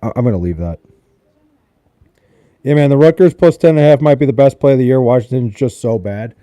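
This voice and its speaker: A man's voice: mid-range voice, expressive, a little fast, warm tone. A young man chatting casually on a live stream, joking and swearing loosely with his chat while sounding tired. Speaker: livestreamer. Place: at home in Wisconsin.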